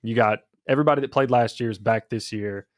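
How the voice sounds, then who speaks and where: A man's voice: medium pitch, fast talker, dry recording, studio quality. A man hosting a casual sports podcast, chatty and easygoing as he leads the talk. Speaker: podcast host.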